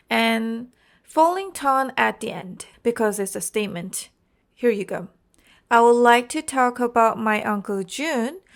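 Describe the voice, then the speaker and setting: A woman with a Korean accent and a slightly high voice teaches an IELTS exam-prep lesson. She explains things carefully and keeps checking in with "okay?" and "you know."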